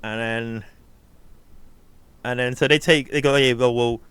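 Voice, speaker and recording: A man in casual chat, recapping a film's plot and acting out characters' lines in quick asides. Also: mid-range voice, steady tone, a bit bright, smooth, no echo. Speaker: film review podcast co-host.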